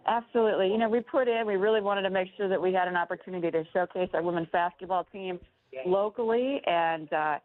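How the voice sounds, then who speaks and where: A woman's voice: on the low side, fast talker. A woman calling in to a radio show from a tunnel in an arena, telling stories in an upbeat, enthusiastic way. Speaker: guest on the phone. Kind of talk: phone-in interview. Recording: tinny phone line.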